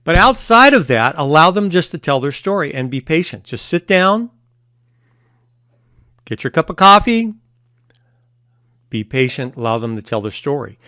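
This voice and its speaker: A man, a therapist and coach, talking casually to camera and explaining things with pauses and repeats. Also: on the high side, sing-song, pushed and bright, dry recording, clean studio sound. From United States. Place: at home early morning.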